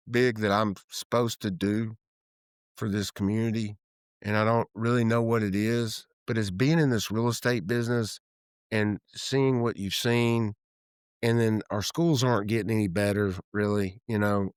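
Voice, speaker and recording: A man's voice: fairly low pitch, moderate pace, clear, resonant tone, no room sound, studio quality. Man telling stories with candid energy. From Tennessee. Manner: animated storyteller who acts out quoted dialogue, trails off and restarts. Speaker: guest, real estate developer. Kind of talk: candid storytelling interview. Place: office room.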